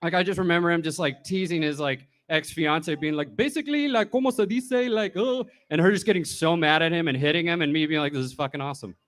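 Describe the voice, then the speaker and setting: Male comic, slightly high voice, casual swearing storyteller at a bar eulogy. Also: fairly even intonation, fast, few pauses, fairly bright tone. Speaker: comedian giving a eulogy. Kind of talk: tearful, humorous eulogy.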